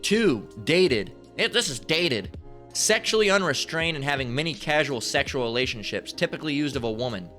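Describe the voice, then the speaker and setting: A man's voice: on the high side, animated, moderate pace, sharp tone, faint music behind. A man preaching over a Bible passage in a crude, profane rant. He stammers, restarts often and keeps asking "right?". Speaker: street preacher.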